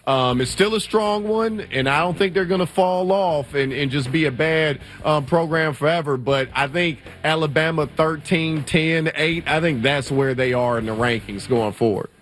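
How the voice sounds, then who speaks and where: A man's voice: a little high, moderate pace, few pauses, a bit bright, a little hiss or hum. A man co-hosting a sports podcast, chatting in an easygoing way about college football. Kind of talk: casual sports chat.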